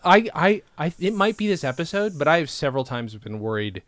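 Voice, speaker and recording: A man co-hosting a casual podcast, his voice a touch higher than most and swinging widely in pitch. He jokes around and swears freely. The sound is close and dry. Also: brisk, dry recording. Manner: joking, animated, swears freely. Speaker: podcast co-host. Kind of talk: casual chat about a TV show.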